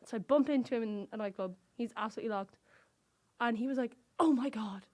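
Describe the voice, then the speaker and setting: Young woman on a podcast, slightly high voice, laughs a lot while she tells stories. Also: fast talker, a little mellow. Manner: storytelling with lots of laughter. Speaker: podcast co-host. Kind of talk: casual chat.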